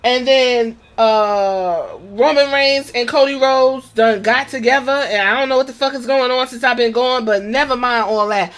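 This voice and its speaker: A woman with a slightly high voice hosts a podcast, recapping a wrestling show in loose, casual talk. She swears freely and tells it with lively, animated energy, slipping into quick impressions of the people she quotes.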